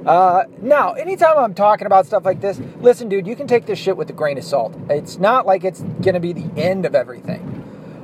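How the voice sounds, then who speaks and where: Profane man ranting in a car. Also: high-pitched. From Southern US, Arkansas. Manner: profane, blunt, opinionated. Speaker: vlogger. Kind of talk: ranting monologue while driving. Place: inside a car, driving. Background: faint car and street noise.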